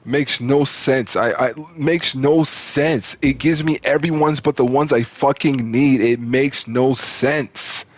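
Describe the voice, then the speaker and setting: A gaming channel host rants in exasperation about his gameplay, swearing and repeating his complaints. His voice is mid-range, and he speaks slowly with few pauses.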